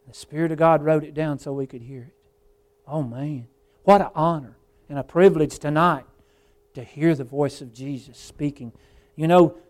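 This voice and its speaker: A man preaching an evening church sermon, fervent, swinging between hushed and loud passages, quoting scripture and calling the congregation folks and brother. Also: fairly high pitch. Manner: quotes scripture in old-style wording.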